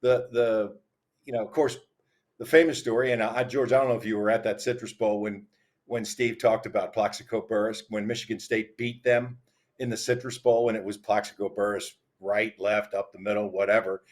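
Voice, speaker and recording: A man on a sports talk panel, telling stories in a relaxed conversational way. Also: lowish voice, moderate pace. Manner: storytelling, conversational.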